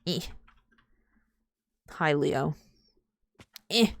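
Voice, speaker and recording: A woman's voice: low voice, expressive, drawn-out words, gravelly, no echo. A young adult woman streaming a game from home, rambling and swearing casually and laughing often as she chats to viewers. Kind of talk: casual gaming stream chat.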